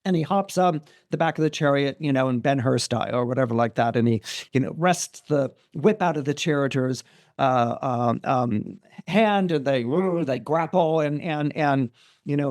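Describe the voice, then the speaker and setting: A man with a slightly high voice tells an old story on a podcast. He is lively and conversational, stopping to restart and throw in asides. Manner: animated, many restarts and asides. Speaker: guest astrologer.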